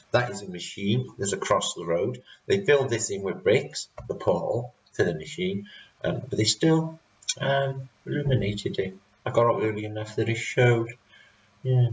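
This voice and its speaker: A Welsh man from Wales hosting his channel, chatting casually and rambling with frequent laughs. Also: fairly low pitch. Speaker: channel host. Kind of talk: casual vlog recap. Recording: roomy, distant, dull sound.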